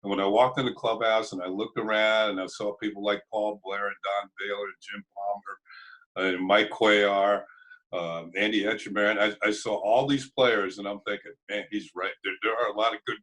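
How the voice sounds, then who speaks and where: An older man, a former ballplayer, telling relaxed anecdotes with chuckles in an interview. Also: fairly low pitch, low-quality recording. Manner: chuckling anecdotes, acts out quoted voices. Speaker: former ballplayer and broadcaster, guest. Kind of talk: casual storytelling interview.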